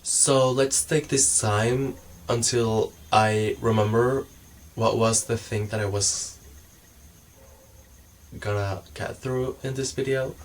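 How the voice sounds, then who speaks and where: A man's voice: mid-range voice, fairly even intonation, slow, slight background noise, poor audio. A man talking casually to camera in a meandering, self-mocking way, losing his thread and filling gaps with ums. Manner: meandering, forgetful, self-mocking, many fillers. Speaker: vlogger. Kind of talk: casual rambling monologue.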